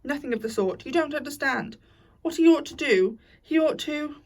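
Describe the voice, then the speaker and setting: A woman's voice: high-pitched, lively intonation, normal speed, far from the mic, pitched above the performer's own voice. A woman doing a homely, grumbling mole. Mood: insistent. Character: kindly, blunt, hungry male mole.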